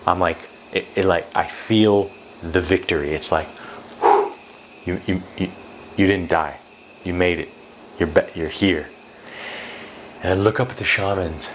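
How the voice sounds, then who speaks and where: Low-voiced guy telling a wild story on his channel, rambly, swears a lot, faint noise behind. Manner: intense, rambling, swears freely. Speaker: YouTuber telling a personal story. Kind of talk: casual storytelling vlog. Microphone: close to camera.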